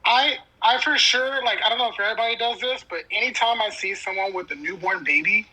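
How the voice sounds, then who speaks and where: A man appearing as a guest on a live chat show, relaxed, with deadpan cocky jokes. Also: high voice, a little fast, poor audio.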